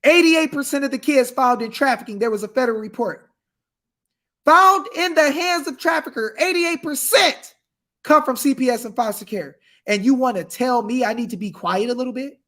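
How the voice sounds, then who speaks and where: Fiery high-voiced preacher man. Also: moderate pace. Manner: fiery, shouting, reads scripture aloud. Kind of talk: impassioned preaching.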